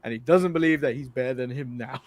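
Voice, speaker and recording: A man's voice: mid-range voice, quick pace. An English man co-hosting a casual wrestling podcast, joking, swearing freely and laughing often. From England. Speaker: co-host.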